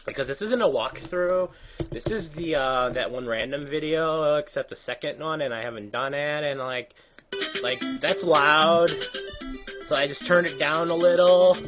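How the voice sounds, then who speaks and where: A man recording gameplay commentary, rambling in quiet asides and then shouting excited, swearing hype lines. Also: a little high, moderate pace, highs cut off, soft background music. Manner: loud, excitable, swears often; mumbled asides between bursts.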